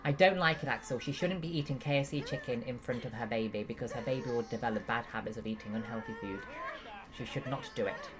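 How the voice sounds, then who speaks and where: Very deep-voiced woman streamer. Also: quick pace. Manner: chatty and playful, answering chat. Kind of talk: casual live-stream chat, reading and answering viewers.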